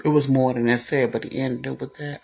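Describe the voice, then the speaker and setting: A woman casually telling a personal story to camera, animated and blunt, cussing freely and jumping into the voices of the people she quotes. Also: extremely low pitch, brisk, gravelly. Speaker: vlogger.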